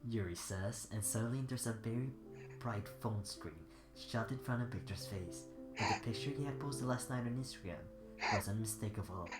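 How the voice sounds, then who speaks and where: A man's voice: lowish voice, moderate pace. Congested man reading fanfiction aloud. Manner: rambling, giggly, off-the-cuff. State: congested, sick. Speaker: fanfiction reader. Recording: echoey room with loud music.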